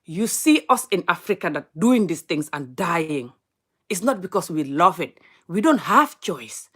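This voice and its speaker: A woman's voice: lowish voice, big pitch swings, a little slow, a bit bright, husky. Woman ranting in a scolding way. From Gambia. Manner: mocking, scolding, sing-song exclamations. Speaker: vlogger. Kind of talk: animated ranting commentary.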